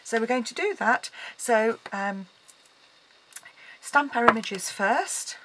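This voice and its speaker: A woman's voice: a little high, lively intonation, slow. A woman explaining a card-making project in a casual tutorial, chatting as she works with frequent ums. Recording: loud background noise.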